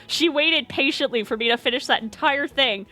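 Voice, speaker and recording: A woman's voice: sits high, normal speed, sharp tone. A young woman streaming, telling a rambling story in a chatty, self-deprecating way and laughing often.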